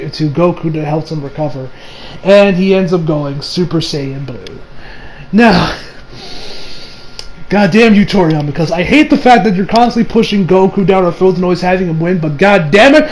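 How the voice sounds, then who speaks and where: A man giving a casual, excitable anime review, rambling and swearing with bursts of loud laughter. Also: sits high, brisk, slight background noise, rough recording. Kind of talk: casual reaction commentary.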